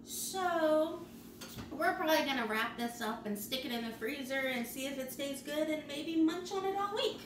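A woman, a mother hosting a casual family vlog, laughing and giving the kids quick instructions. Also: high-pitched, lively intonation. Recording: echoey noisy room, mic far off.

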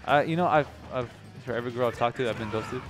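A young man calls a live video game tournament in his ordinary middle register, getting excited, laughing and repeating himself. His voice has gone tired and low by this point. Music plays clearly behind him. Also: fast talker. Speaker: esports commentator. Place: gaming tournament at a sports center.

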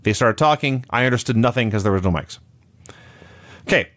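A man's voice: mid-range voice, expressive, fairly quick, a bit bright, dry recording. A male podcast co-host in casual chat, recapping a show in a dry, sarcastic way.

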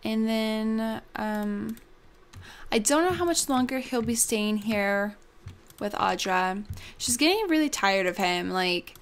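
A woman's voice: on the high side, expressive, slow pace, clean tone. A young woman hosting a casual gameplay commentary, bubbly and gushing, with lots of ums. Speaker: let's play host.

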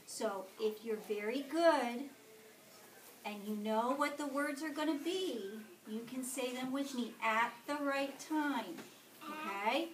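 A woman storyteller reads a picture book to young children at a slow, deliberate pace, expressive and often pausing to ask them questions. Her fairly high voice is caught from far off in an echoing classroom. Faint room noise sits underneath. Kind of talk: reading a picture book aloud to kindergartners.

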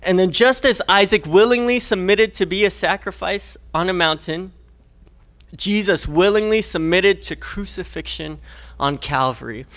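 A man's voice: high voice, moderate pace, a bit bright. A young man preaching a sermon to a church, earnest and conversational, often checking in with the listeners. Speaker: guest preacher.

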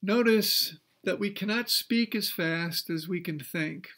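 A man lectures at a counseling workshop in a measured teaching voice, pausing now and then on small fillers. His voice sits a little high and carries a gravelly fry. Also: fairly bright tone.

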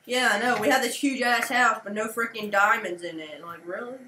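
Giggly Maryland woman playing games with a friend; bright voice, roomy recording. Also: a little high, fairly quick, a little hiss or hum. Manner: giggly, curses casually. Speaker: gamer. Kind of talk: casual gaming chat.

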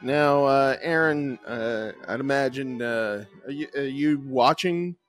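A man's voice: medium pitch, slow pace, soft background music. A man co-hosting a podcast in casual chat, rambling with many fillers and restarts. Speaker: podcast co-host.

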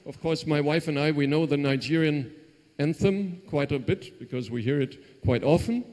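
A man's voice: fairly high pitch, normal speed, darkish tone. A man, a visiting diplomat talking genially to a university audience in a public speech. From Germany. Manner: genial, conversational, with small repeats. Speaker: visiting diplomat giving a lecture. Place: large lecture hall. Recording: hall with long reverb.

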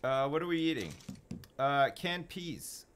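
Brief: laid-back sweary male streamer, unhurried with bouncy pitch, noisy stream audio. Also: lively intonation. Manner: wry, muttering, swears freely. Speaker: game streamer. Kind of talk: casual live gameplay commentary. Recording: streaming mic with clear noise.

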